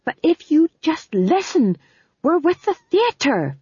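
A woman doing shrill pleading actresses. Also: sing-song, slow, dark tone, no room sound, highs cut off, full character voice. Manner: high and pleading. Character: frightened young women actors playing witches.

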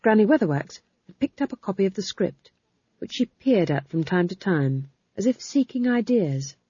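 Husky, expressive woman narrating a story. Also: medium pitch, moderate pace, no room sound. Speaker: audiobook narrator. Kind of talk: scripted narration. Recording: dull dry close recording.

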